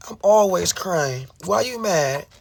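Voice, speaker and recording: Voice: mid-range voice, expressive, slow pace, creaky. A livestreamer in an emotional, impassioned rant who swears often, fires rhetorical questions at the audience and repeats phrases for emphasis.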